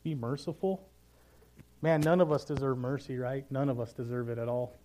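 A man leading a Bible study, preaching in a casual, self-deprecating, storytelling way that turns quiet and earnest. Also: mid-range voice, steady tone, normal speed. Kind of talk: casual sermon.

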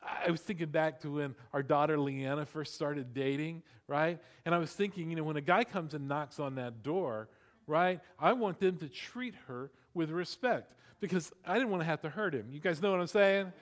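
A middle-aged man preaching a sermon in a lively, conversational way, with frequent asides to the congregation. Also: fairly high pitch, moderate pace. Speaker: pastor. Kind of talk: sermon with storytelling.

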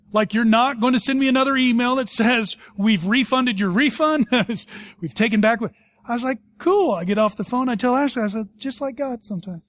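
A middle-aged man preaching a sermon as a pastor, telling stories with animation and dropping to a hush for serious points. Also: high-pitched, no echo. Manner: animated storytelling, swings between loud and hushed.

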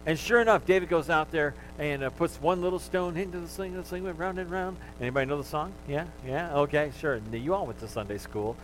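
A man's voice: a little high, a little fast, hardly any pauses, a little hiss or hum, low-quality recording. A male pastor preaching a sermon, talking to the congregation in a conversational way and joking with them.

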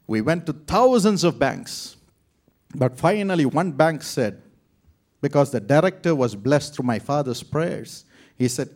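A man from India preaching a sermon testimony, telling his story dramatically, with sudden loud outbursts and hushed, whispered passages. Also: medium pitch, animated, measured pace, long pauses.

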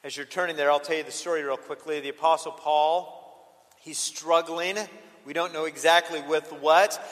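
A man preaching a sermon as a pastor, swinging between loud emphatic peaks and quiet intimate asides. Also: on the high side, steady tone, normal speed. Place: church sanctuary. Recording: long reverb of a large hall.

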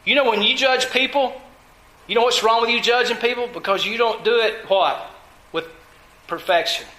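Emphatic high-voiced male preacher. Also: normal speed, pushed and bright, reverberant, low-quality recording. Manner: emphatic, asks the congregation questions and answers them. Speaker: pastor. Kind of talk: sermon.

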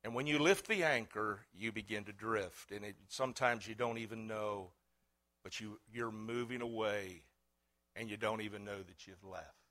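A middle-aged man preaching a sermon, swinging between loud fervent cries and quiet earnest talk. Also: on the low side, moderate pace. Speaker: pastor.

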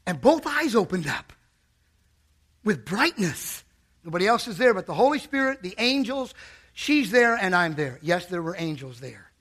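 A man's voice: high-pitched, sing-song, moderate pace, a bit bright. A man preaching a fervent sermon in a church, calling out to the congregation.

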